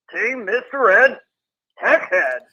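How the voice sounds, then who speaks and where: A man's voice: sits high, pushed and bright, slightly rough, exaggerated voice. A man doing a chirpy talking horse. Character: cheerful talking horse mascot, male. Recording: dull lo-fi clip heard from afar.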